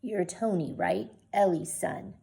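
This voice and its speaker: Woman reading a croaky frail old uncle, sly, short words. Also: fairly low pitch, slow, mellow.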